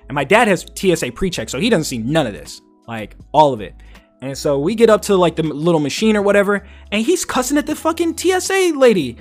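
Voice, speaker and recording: A man's voice: high voice, big pitch swings, brisk, faint music behind. A man hosting a podcast, telling a long story in casual, profane chat and acting out the quotes. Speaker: podcast host.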